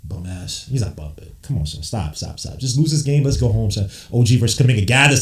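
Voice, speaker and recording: A man calling a basketball game live, switching between low muttered play-by-play and hyped, slangy shouting. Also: animated, fast, hardly any pauses, distant mic. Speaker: podcast host doing live game commentary. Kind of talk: excited watch-along play-by-play. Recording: roomy echo.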